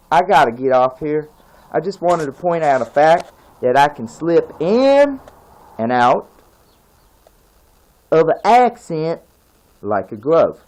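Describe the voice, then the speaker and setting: A man from California rants casually to his camera, rambling and accusing and circling back to the same points. His voice sits fairly high for a man. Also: darkish tone, poor audio. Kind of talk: casual video rant.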